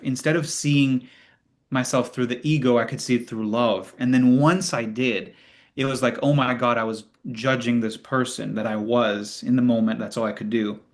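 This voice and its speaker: A man hosting a spiritual Q&A, teaching in an earnest, conversational way and acting out inner thoughts. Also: mid-range voice. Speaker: host of spiritual Q&A.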